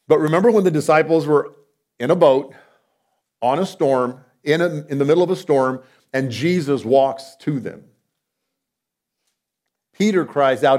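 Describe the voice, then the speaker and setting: A man's voice: a little slow, pauses often. Man preaching with dynamic swings. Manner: dynamic delivery, swinging between loud emphatic lines and soft low asides; conversational, with rhetorical questions and light laughs. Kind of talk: sermon.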